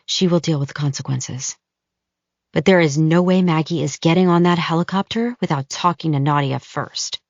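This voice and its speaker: A woman with a low voice reads scripted audiobook narration in a measured, even storytelling manner. She's close to the mic in a dry space, and the recording sounds dry and a bit dull.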